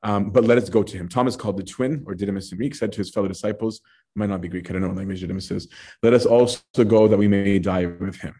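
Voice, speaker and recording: A man's voice: on the low side, steady tone, fast, dark tone, breathy edge. A man teaching a Bible passage in a casual, conversational way, often tagging his points with "right?" and "like". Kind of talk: casual Bible study talk.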